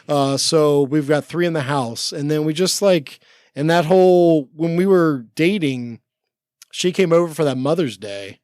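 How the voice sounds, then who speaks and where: A man's voice: fairly high pitch, unhurried, a little mellow, clean tone, no room sound. A man in his forties, a podcast guest in the studio, telling personal stories in a rambling casual way, full of restarts and "like" fillers. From United States. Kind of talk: casual storytelling chat. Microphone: studio mic.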